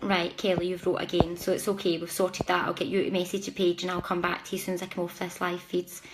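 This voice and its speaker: This psychic reader has a lowish, level voice and talks fast over background noise. Hosting her live stream, she chats warmly with viewers directly and keeps apologizing.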